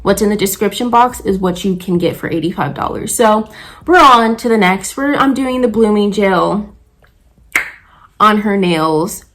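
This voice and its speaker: A woman's voice: medium pitch, measured pace, fairly bright tone, slight background noise. A young woman nail artist telling a story about a client in a casual, heated, profane rant.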